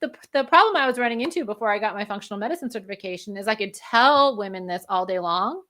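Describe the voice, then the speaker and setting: A woman's voice: medium pitch, expressive, fast, sharp tone. A woman working as a functional medicine practitioner, explaining health topics energetically in an interview and laughing often. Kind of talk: interview conversation.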